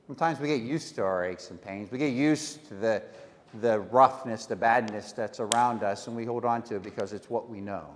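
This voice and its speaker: A man's voice: mid-range voice, normal speed. A man preaching a sermon as pastor, telling a story and often repeating words as he starts a phrase. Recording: echoey hall reverb.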